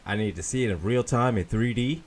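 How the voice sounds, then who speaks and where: A man co-hosting a casual talk show, telling a story in an animated, repetitive way. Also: mid-range voice, brisk. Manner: animated, repeats himself, lively storyteller. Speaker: podcast co-host.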